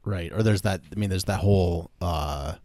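Male, very deep pitch; laid-back co-host with deadpan delivery. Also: normal speed, no echo, studio quality. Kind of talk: casual comedic chat.

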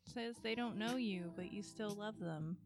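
A woman's voice: medium pitch, a little slow. Chatty woman radio host, rambling. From American Midwest. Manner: rambling, filler-heavy, laughs easily. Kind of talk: casual on-air chat.

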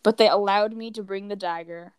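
A teenage girl from the States tells stories in a loose, rambling way, filling her sentences with "like" and slipping into other people's voices. Her pitch sits in the middle range. The recording is dry and close, with no room sound. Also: fairly even intonation, brisk, darkish tone, clear, resonant tone, no echo. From United States. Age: teens. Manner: rambling, heavy use of "like", acts out quoted people. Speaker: guest telling travel stories. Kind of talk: casual chat.

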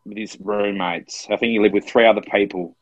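A man's voice: lowish voice, steady tone, fairly quick, no echo, lo-fi sound. An Australian man co-hosting a podcast, telling a personal story in an earnest, emotional way. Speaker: podcast co-host. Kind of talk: casual chat. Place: Melbourne, in lockdown.

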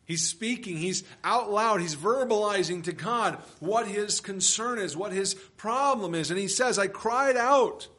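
A man's voice: sits high, unhurried, hardly any pauses, a bit bright. A man preaching an expository sermon as pastor, emphatic and full of rhetorical questions.

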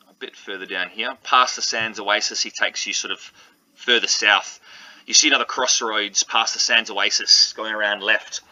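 Guy game-mastering a tabletop rpg, really sharp tense voice, stumbles and restarts a lot. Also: lowish voice, poor audio. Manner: hesitant, full of restarts while describing scenes.

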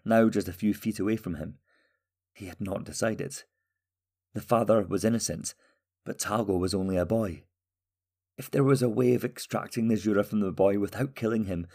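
Male audiobook narrator, low-pitched, measured fantasy reading. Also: dark tone.

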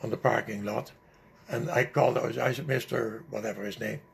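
An older man slowly recounting a personal memory in an interview, halting often with fillers and restarts. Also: medium pitch, steady tone, creaky. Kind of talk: personal storytelling.

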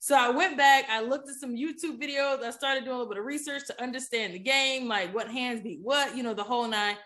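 Woman podcast guest with a slightly high voice, chatty and animated storyteller. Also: a little fast. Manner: animated, chatty, keeps asking "you know what I'm saying?". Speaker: podcast guest, poker player. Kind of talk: casual storytelling in an interview.

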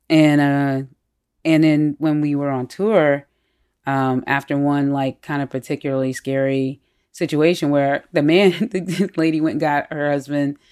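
A woman telling personal stories in a candid, animated way during a casual conversation. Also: sits low.

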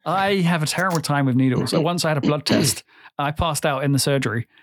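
A man's voice: on the high side, fast. A man co-hosting a casual film podcast, joking, swearing freely and laughing often. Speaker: podcast co-host.

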